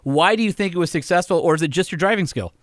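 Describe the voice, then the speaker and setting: A man with a slightly raised pitch hosts a relaxed podcast, asking questions with curiosity. He slips in teasing jokes between them. The sound is dry and close. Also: fast talker, no room sound. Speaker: podcast host. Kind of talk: casual podcast interview.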